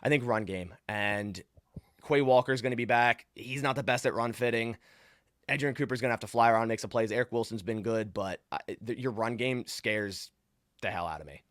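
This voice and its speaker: A man talking football casually as a guest fan on a podcast, animated and full of restarts. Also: mid-range voice, fairly quick, dry recording, clean studio sound. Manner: animated, lots of restarts and fillers. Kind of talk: casual sports podcast chat.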